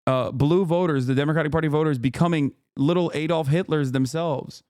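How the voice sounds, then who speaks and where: A man's voice: on the high side, fairly quick, hardly any pauses, dark tone, smooth, dry recording, clean studio sound. A man in his thirties hosting a livestream, giving casual commentary and reading posts aloud in an exasperated, profane way. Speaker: streamer host.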